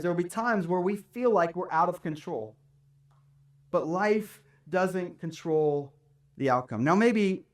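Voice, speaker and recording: A man's voice: high voice, distant mic. A man preaching a sermon as pastor in a church, in a conversational way that keeps asking "right?". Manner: conversational preaching, tag questions. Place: church sanctuary.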